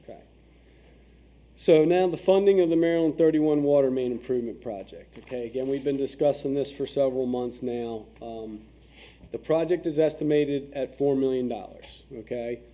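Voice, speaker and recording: A man with a very dark, mellow voice and an average pitch walks a town meeting through budget figures. He is methodical, stopping often to ask "okay?", and he restarts a phrase now and then as he reads out the numbers. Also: normal speed. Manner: frequent restarts and fillers while reading numbers. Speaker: town official presenting finances. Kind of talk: explaining budget figures at a public work session.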